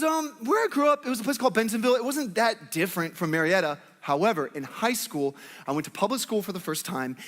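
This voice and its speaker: A man's voice: high voice, fairly bright tone. A man preaching a sermon, playful and joking with his congregation. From Northwest Arkansas, United States. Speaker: pastor. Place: church hall with congregation. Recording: long hall reverb.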